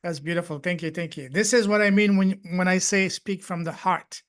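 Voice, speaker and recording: A man's voice: high voice, moderate pace, a bit bright. A man hosting a live group call, effusive and grateful, thanking people again and again. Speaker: host and coach.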